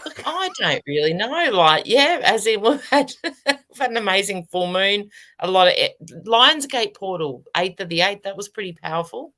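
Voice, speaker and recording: An Australian woman, a medium co-hosting a casual live stream, talking in a relaxed, halting way. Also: mid-range voice. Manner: laid-back, halting, laughs often. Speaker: medium, co-host.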